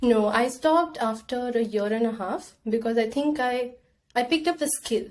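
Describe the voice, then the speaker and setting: Her voice is fairly high and moderately paced. A young woman guesting on a podcast, she reflects in casual conversation and voices her own inner thoughts aloud.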